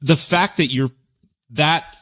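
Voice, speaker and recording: A man in casual podcast chat, rambling and profane, with sudden loud bursts of emphasis. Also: fairly high pitch, slow, dry recording.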